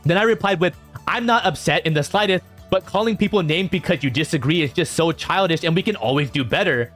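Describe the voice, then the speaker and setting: A man reacting to viewer comments in a casual vlog, reading them out and answering with animated exasperation. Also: a little fast, soft background music. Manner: animated, jumps in pitch when exasperated.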